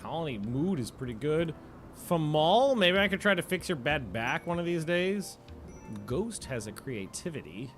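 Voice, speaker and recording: A man's voice: fairly high pitch, very animated, normal speed, faint music behind. A young American man streaming a colony game, rambling and correcting himself as he plays. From United States. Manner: chatty, rambling, self-correcting. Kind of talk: casual gameplay commentary.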